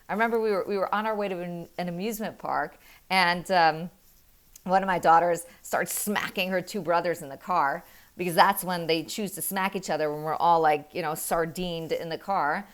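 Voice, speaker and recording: A middle-aged woman and mother explaining parenting in an earnest, animated way, telling stories with quick laughs. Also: on the low side. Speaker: parenting guest. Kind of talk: conversational explaining.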